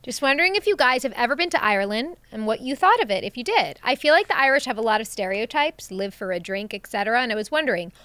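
A woman's voice: a little high, lively intonation, quick pace, few pauses, fairly bright tone, no room sound. A woman co-hosting a casual podcast, upbeat and reading listener emails aloud. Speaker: podcast co-host.

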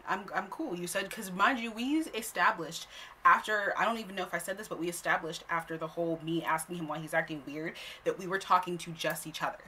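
A young woman telling a story on her own vlog in a casual, animated way, blunt and quick to swear. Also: on the low side, a little hiss or hum. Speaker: storytime host.

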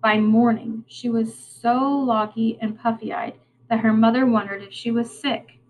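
A woman reading a children's novel aloud in a steady, plain storytelling way. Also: on the high side, a little slow, a little hiss or hum, rough recording. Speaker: reader.

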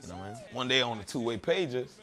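A man's voice: medium pitch, lively intonation, fast, music in the background. A man being interviewed, telling stories in a blunt, profane, streetwise way. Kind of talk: casual interview talk.

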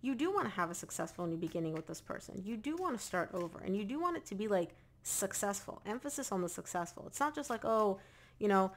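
A tarot reader, a woman with a mid-range voice, gives a casual reading straight to camera, addressing the viewer directly. She's very animated and talks fast with hardly any pauses, repeating phrases for emphasis.

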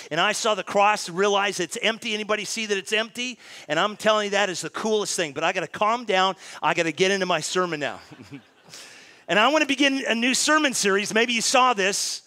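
High, bright-voiced male pastor preaching. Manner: lively, talks straight to the congregation with questions. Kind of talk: sermon. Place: church sanctuary.

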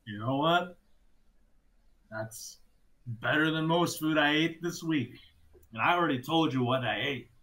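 A young man narrating a tabletop game as game master, in a loose, halting way with frequent restarts. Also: a little high, a bit bright, rough recording.

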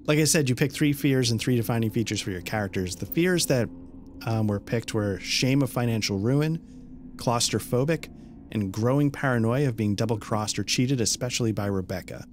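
A man's voice: medium pitch, moderate pace, soft background music. A man narrating as game master of a horror role-playing game, casual and explaining with many fillers.

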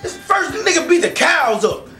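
High-pitched, shouting stand-up comic. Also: male voice, normal speed. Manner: loud, profane, animated, often shouting. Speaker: stand-up comedian. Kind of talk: stand-up comedy storytelling. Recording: distant mic, faint music behind.

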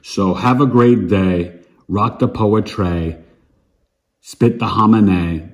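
A man's voice: on the low side, takes it slowly. A man in his fifties, an astrologer talking straight to the camera in a casual, emphatic way, full of slang and repetition. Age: 50s. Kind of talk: casual direct-to-camera monologue.

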